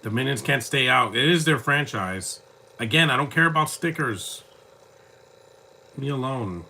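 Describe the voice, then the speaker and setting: A man's voice: mid-range voice, animated, normal speed, bright, forceful tone. A man giving casual live commentary over a film, with rambling, joking asides. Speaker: movie commentator.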